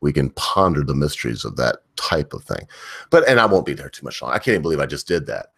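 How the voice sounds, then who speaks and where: A man hosting a livestream, giving an opinionated, rambling rant with emphatic, drawn-out stretches. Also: very deep voice, very animated, vocal fry, a bit bright, slightly rough, no echo, studio quality. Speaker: livestream host.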